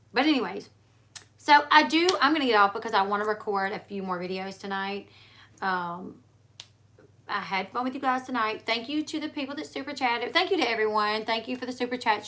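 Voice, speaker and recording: A woman's voice: fairly high pitch, normal speed, a bit bright. A woman hosting a casual livestream chat, telling rambling stories with many fillers and restarts. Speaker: livestream host.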